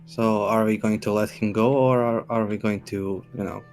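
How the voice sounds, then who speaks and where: A man taking part in a tabletop role-playing game. His voice sits fairly low, and he talks casually, with hesitations and restarts. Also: steady tone, normal speed, darkish tone, soft background music, rough recording. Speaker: player.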